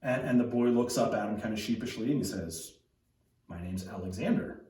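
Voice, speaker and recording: A man's voice: medium pitch, fast, mellow. Male pastor, echoey and distant. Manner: conversational, with many restarts and tag questions. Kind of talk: sermon. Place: church.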